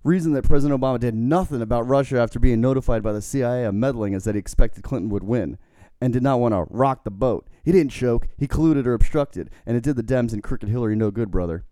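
A man doing a loud, blustering wrestler persona who punches each line and caps it with "brother." The voice is pushed up and forceful. The recording is close and dry, with a smooth, resonant tone. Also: medium pitch, fast, few pauses, dry recording, voice pushed up, natural voice. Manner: shouty, punchy, tacks "brother" onto lines. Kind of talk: comic impression reading posts aloud.

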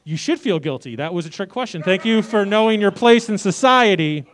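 A man's voice: high-pitched, expressive, a little fast, slight background noise. A man putting on a smug Southern man who scolds the crowd into feeling guilty, in a stand-up bit. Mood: smug, scolding. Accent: Southern US, put on.

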